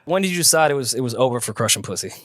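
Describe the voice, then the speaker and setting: Man, mid-pitched voice, joking host, dry studio sound. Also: animated, rapid-fire, a bit bright, no echo. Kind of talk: casual podcast chat.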